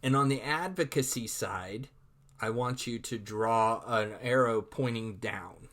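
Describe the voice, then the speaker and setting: A man's voice: mid-range voice, measured pace, a bit bright. A man giving a recorded online lecture, speaking conversationally with many repeated words and acting out his own thoughts.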